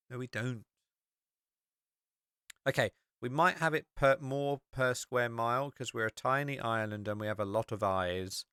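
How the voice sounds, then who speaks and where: An English podcast host chats casually and rambles with plenty of fillers while walking through a map on screen. His voice is lowish, pushed and bright, with a clear, resonant tone. It's a clean studio recording with no room sound.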